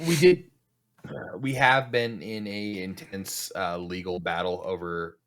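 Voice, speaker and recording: A man co-hosting a podcast in casual banter, joking and laughing often. His voice is very low yet bright and forceful. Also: a little slow. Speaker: podcast co-host. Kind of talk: casual chat.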